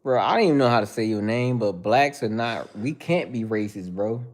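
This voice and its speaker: A man's voice: medium pitch, lively intonation, normal speed. A man hosting a casual livestream, answering viewer chat in a mocking, profane, confrontational way.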